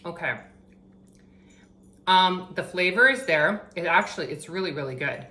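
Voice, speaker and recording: A woman chatting casually while cooking in her home kitchen, thinking out loud and poking fun at herself, with a pan sizzling behind her. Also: on the low side, moderate pace, reverberant. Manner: chatty, self-deprecating, thinks aloud. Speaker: vegan cooking vlogger. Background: frying and sizzling from the pan.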